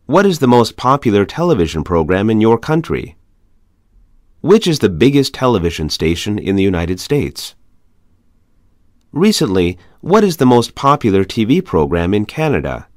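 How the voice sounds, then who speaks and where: A man with a fairly low voice reads conversation practice questions for an English lesson at a steady pace. His intonation rises and falls in a lively way on each question. The recording is dry and close. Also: dry recording. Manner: measured, evenly paced question reading. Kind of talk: reading practice questions aloud.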